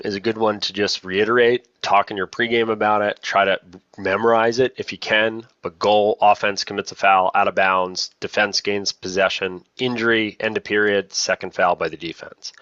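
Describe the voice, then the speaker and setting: Guy running a refs training on a video call, low voice, dull muffled audio, rambles and repeats stuff. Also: fairly bright tone, no room sound. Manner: chatty, self-deprecating, repeats key points. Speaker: lacrosse officials trainer. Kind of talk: casual online training talk.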